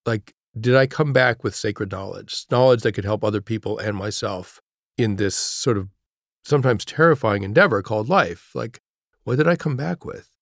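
A middle-aged man, a guest author, telling a personal story in an interview, halting and reflective, dropping to a hush at grave moments. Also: fairly low pitch, no echo, clean studio sound.

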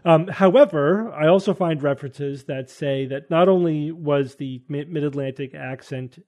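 A man's voice: a little high, normal speed, a little mellow. A man hosting a casual panel talk show, thinking aloud and hedging with frequent restarts. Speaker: podcast host.

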